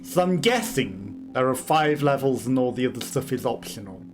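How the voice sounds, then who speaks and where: A man's voice: medium pitch, expressive, normal speed. Man musing through a game, music behind. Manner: chatty, musing aloud, chuckling. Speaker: let's play host. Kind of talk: casual gameplay commentary.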